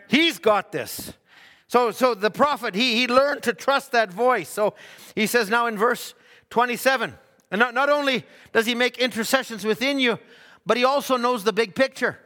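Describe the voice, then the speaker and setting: A man delivers an earnest sermon in a high voice with a bright, clear edge. He often stammers and restarts his phrases as he reads scripture aloud and explains it. His voice carries a long reverberant tail, as in a church hall. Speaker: preacher.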